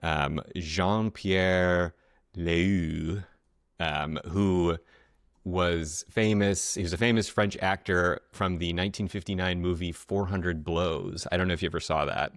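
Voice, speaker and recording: Low-voiced male co-host, hesitant and filler-heavy, dry close sound. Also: steady tone, no echo. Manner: halting, many fillers and restarts. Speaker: podcast co-host. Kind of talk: casual film podcast chat.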